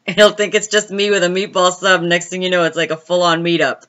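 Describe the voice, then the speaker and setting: A woman's voice: fairly low pitch, flat delivery, moderate pace, fairly bright tone, highs cut off. A woman hosting a casual live stream, chatting and laughing as she answers viewers' comments by name.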